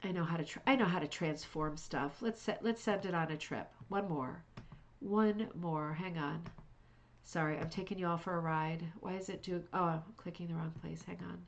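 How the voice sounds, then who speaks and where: A woman's voice: on the low side, moderate pace, muffled recording. A middle-aged woman hosting a craft club livestream, chatting casually and gushing with praise, with many fillers and restarts. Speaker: host of a rug hooking club livestream.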